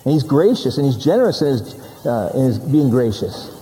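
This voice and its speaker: A man's voice: mid-range voice, very animated, a little fast, warm tone. Emphatic preacher man in a reverberant hall. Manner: emphatic, repeats key words for stress. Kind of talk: sermon.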